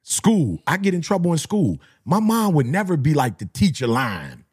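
Husky man telling stories. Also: normal speed. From Detroit area. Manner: animated, slangy, acts out voices with big pitch jumps. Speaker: motivational speaker. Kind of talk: storytelling talk.

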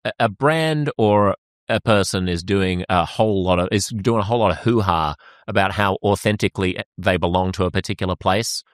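A man's voice: low-pitched, a little fast, no room sound, studio quality. An Australian man chatting casually, telling wry stories with lots of fillers and asides. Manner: wry, animated storytelling with frequent fillers. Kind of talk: casual chat.

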